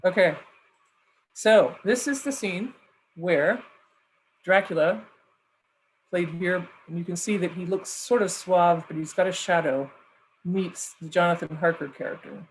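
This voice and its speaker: A woman's voice: on the low side, a little slow, long pauses, a little hiss or hum, low-quality recording. A woman professor giving a mock lecture over a video call, loose and conversational, thinking aloud.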